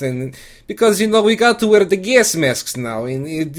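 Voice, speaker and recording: A man's voice: sits high, lively intonation, a little slow. A man delivering a comedic first-person monologue, rambling and crude, with lots of restarts.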